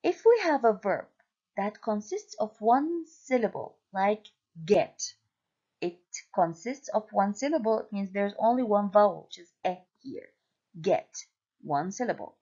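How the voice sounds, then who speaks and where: A woman teaching an English grammar lesson, speaking slowly, repeating patterns and spelling out letters. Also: mid-range voice, sing-song, mellow, lo-fi sound. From Syria.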